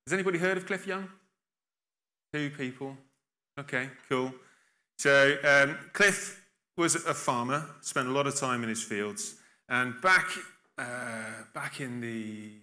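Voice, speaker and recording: A man's voice: mid-range voice, sharp tone. A man giving a conference keynote in a chatty, self-deprecating way with dry irony. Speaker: keynote speaker. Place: conference hall stage.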